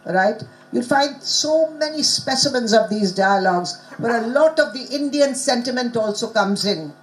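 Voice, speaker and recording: A middle-aged woman presents at a conference in a lively, teacherly way. Her voice sits a little high, and she keeps pausing to quiz her listeners and stress key words. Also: low-quality recording. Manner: quizzes the audience, animated teacherly emphasis. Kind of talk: interactive teaching talk.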